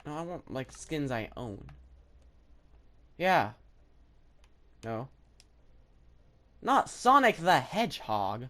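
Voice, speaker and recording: Woman gaming creator: low voice, very lively melody, chatty commentary full of fillers. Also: slow pace, long pauses. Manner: chatty and excitable, thinks aloud with many fillers. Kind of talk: rambling gameplay commentary.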